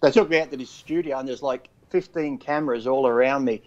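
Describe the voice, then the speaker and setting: A man's voice: medium pitch, brisk, muffled recording. A man with an Australian accent, co-hosting a casual chat, swearing freely and acting out comic voices in his stories. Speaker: co-host.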